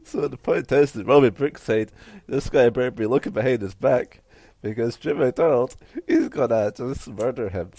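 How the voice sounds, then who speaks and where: A man's voice: medium pitch, normal speed, warm tone, dry recording. A Scottish man co-hosting a podcast in casual chat, rambling and hesitant, full of "like" and "you know". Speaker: podcast co-host.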